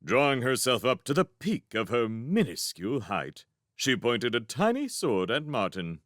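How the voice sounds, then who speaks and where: A man reading a children's fantasy novel aloud as narrator, in an expressive storybook style. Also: mid-range voice, measured pace, no room sound, studio quality. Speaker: fan audiobook reader.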